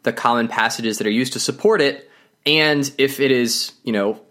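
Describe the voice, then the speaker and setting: A man's voice: mid-range voice, normal speed, fairly bright tone. A man hosting a podcast as a Bible teacher, talking in an upbeat, chatty way and laughing easily. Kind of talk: casual podcast talk.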